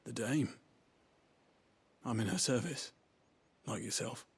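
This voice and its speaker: An actor playing a weary, cynical man who buries the dead, speaking in a calm, dry, sardonic way. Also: medium pitch, slow pace, husky, no room sound, heavily acted. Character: weary cynical male gravedigger in service.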